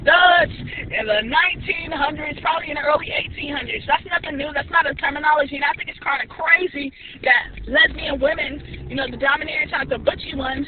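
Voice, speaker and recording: A woman's voice: high-pitched, brisk. Woman, brash profane rant, vlog, tinny phone line, distant from the mic. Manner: brash, emphatic, swears freely. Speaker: vlogger. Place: on a moving bus. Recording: tinny phone audio with vehicle noise.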